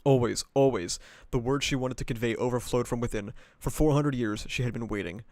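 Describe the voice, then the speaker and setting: A man's voice: medium pitch, fairly quick, a little mellow, dry recording, studio quality. A man streaming himself reading a novel aloud, breaking off into casual, profane asides and laughter.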